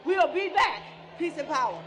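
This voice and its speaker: A woman's voice: sits high, big pitch swings, brisk, noisy background. A woman speaking at an outdoor street rally, folksy and playful, leading the crowd in chants. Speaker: rally speaker, organization leader.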